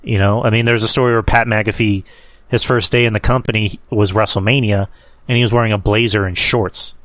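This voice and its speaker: A man's voice: fairly low pitch, fairly even intonation, a little fast, a bit bright, dry recording. Host type, casual guy who cusses and tells stories, dry close sound. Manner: profane, storytelling, laughs at own anecdotes. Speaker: podcast host. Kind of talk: casual wrestling chat.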